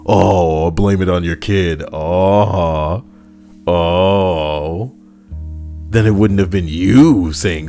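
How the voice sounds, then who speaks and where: A man's voice: low-pitched, takes it slowly, long pauses. A man streaming casually, reading stories aloud and joking sarcastically with his chat. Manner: animated, sarcastic, jokes with chat. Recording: soft background music.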